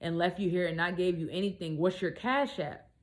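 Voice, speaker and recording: Brief: a woman doing a casual, dismissive man, a little higher than her own voice, offhand delivery. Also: brisk, natural voice. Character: casual grown man, brushing off the bill.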